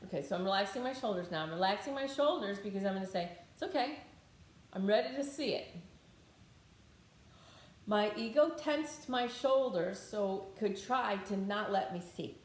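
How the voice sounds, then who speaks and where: A woman's voice: medium pitch, lively intonation, fairly quick, hardly any pauses. A woman leading a guided tapping meditation, talking bluntly, swearing freely and thinking aloud as she works through her own feelings. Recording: echoey room.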